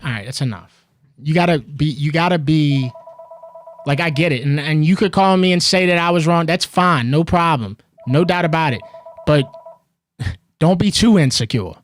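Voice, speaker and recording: A man hosting a live sports call-in show, arguing back in an animated way that gets loud. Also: fairly high pitch, normal speed. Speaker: host.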